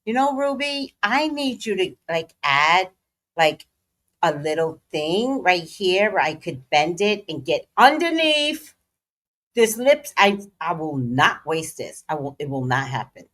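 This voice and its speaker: Slow, lively-voiced woman chatting. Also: on the low side. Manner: playful, dramatic, slangy asides. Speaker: psychic livestream host. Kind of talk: casual livestream chat.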